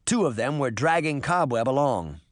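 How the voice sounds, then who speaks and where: A man narrating an audiobook in an expressive, dramatic manner. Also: medium pitch, moderate pace, no echo, clean studio sound. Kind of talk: scripted narration.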